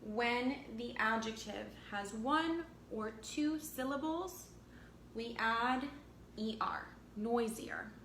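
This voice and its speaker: A woman teaching an English lesson, speaking slowly and deliberately, repeating each word and translating it into Spanish. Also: on the high side, fairly bright tone. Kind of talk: slow bilingual language lesson. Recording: echoey room with faint background noise.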